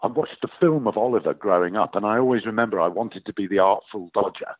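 A middle-aged actor from Northern England, chatting casually as an interview guest and telling stories with frequent laughs. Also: male voice, fairly low pitch, fast, dry recording. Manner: animated storytelling, laughs often. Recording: tinny phone-like line, dry.

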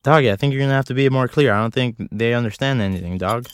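Recording from a closet on a close studio mic, a young man hosts a solo podcast, rambling in a profane, self-mocking, jokey style. His voice is mid-range, smooth, and quick.

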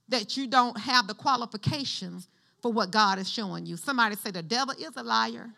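A woman pastor preaching a sermon in a conversational style, calling out prompts for the congregation to answer. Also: fairly high pitch. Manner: lively call-and-response with the congregation; conversational, shifts between preaching and chatty asides.

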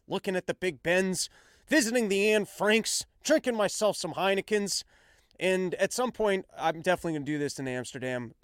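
A man's voice: a little high, clean tone, no echo, clean studio sound. A man who is a stand-up comedian hosting his own show, talking in a casual, rambling, self-mocking monologue with stumbling restarts. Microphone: self-filmed on action camera.

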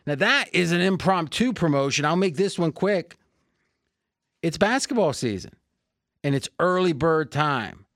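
A man hosting a betting podcast, his fairly high voice swinging up and down as he jokes and pushes deals. The studio sound is close and dry, with no room echo. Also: measured pace. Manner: animated, salesy, joking. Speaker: podcast host. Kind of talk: sports betting podcast chat.

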